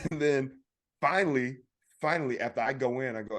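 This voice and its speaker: Animated man telling a story. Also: mid-range voice, quick pace. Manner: animated storyteller, acts out other people's lines. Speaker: podcast co-host. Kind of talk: casual storytelling chat.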